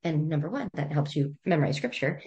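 A middle-aged woman speaking as a therapist guest on a podcast, calm and gently instructive as she walks through breathing exercises. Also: low voice, fairly quick, muffled recording. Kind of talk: conversational podcast interview.

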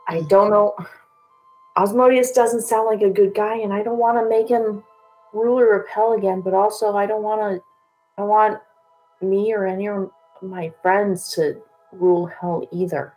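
A woman playing a tabletop game in character, talking in a halting, hesitant way. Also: mid-range voice, steady tone, warm tone, faint music behind, rough recording. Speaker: player.

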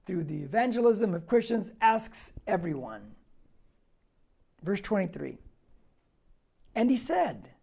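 A male pastor teaching a Bible passage verse by verse, emphatic, posing rhetorical questions and swinging between quiet asides and loud, stressed points. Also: extremely high pitch, vocal fry.

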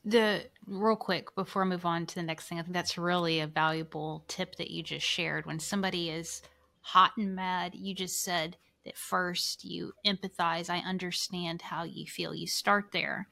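Woman host, gravelly, bright sharp tone; restates the guest's points and moves the conversation on. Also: on the low side, fairly even intonation, normal speed. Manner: affirming, sums up the guest's point. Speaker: interview host. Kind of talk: casual interview talk.

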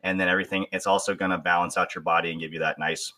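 A male fitness coach chats casually, laying out his ideas in a relaxed, upbeat way. His voice sits low but has a bright edge. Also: racing. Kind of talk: casual chat.

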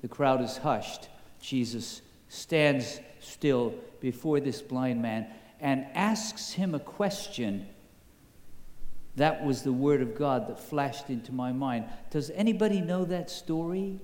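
A man preaching a sermon, telling a story slowly and building to emphatic high points. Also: darkish tone. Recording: echoey hall with long reverb.

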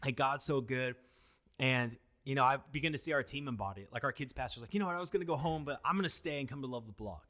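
A pastor with a mid-range voice talks at a racing clip with few pauses, chatting casually about church outreach. He's an animated storyteller who acts out quotes and scatters "like" and "you know" all through his talk.

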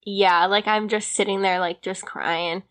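A woman's voice: medium pitch, fairly even intonation, measured pace, fairly bright tone. Giggly young woman telling stories. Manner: chatty storytelling, giggly, many "like" fillers. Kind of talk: casual chat.

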